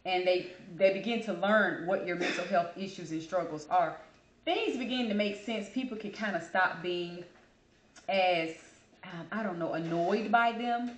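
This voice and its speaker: Calling her listeners "baby," a woman hosts her own podcast and chats casually about her life. She speaks unhurriedly in a voice on the low side, recorded in an echoey room.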